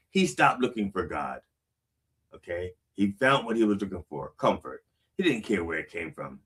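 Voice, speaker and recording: Captured from a distance, a pastor with a lowish, husky, fairly bright voice preaches a casual sermon. He reads song lyrics aloud and then explains them conversationally, checking in often with "okay?"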